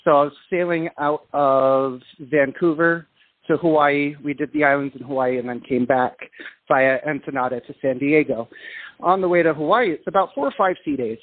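Animated male guest on a tinny phone line. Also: a little high, normal speed, dry recording. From England. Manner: animated, self-deprecating, frequent restarts. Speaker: guest singer and dancer. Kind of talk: casual storytelling over the phone. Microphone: telephone.

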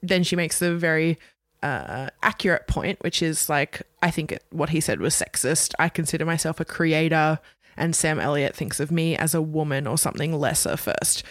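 A woman's voice: low voice, moderate pace, no echo, clean studio sound. A woman with an Australian accent co-hosting a casual pop culture podcast, talking in a chatty way with lots of fillers. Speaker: podcast co-host.

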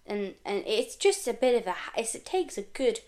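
A woman's voice: a little high, sing-song, moderate pace, a little mellow. Chatty woman, laughing often. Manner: chatty, swears for comic effect, laughs often. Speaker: podcast co-host, florist. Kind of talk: casual chat.

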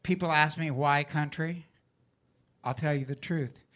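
A man's voice: on the high side, a little fast, a bit bright. An older man, a rural-raised singer-songwriter, telling folksy stories in an interview, emotional and often laughing. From rural United States. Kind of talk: storytelling interview.

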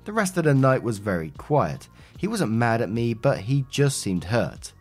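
A man's voice: medium pitch, very animated, moderate pace, faint music behind. A man reading an online post aloud and then chatting about it in a casual, conversational way. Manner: chatty, conversational, with fillers and asides. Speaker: host reading and commenting on online posts.

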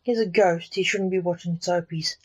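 A woman's voice: fairly low pitch, fairly even intonation, normal speed, lightly acted. A woman voicing a grumpy young man, a necromancer, speaking coldly and sarcastically. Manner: cold, dark, sarcastic.

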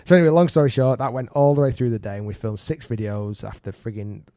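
Podcast host, thirties, animated and self-mocking storyteller, mellow tone, dry studio sound. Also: male voice, medium pitch, fast, no room sound. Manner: animated, self-mocking, laughs through stories. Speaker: podcast host and golf coach. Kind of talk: casual storytelling chat.

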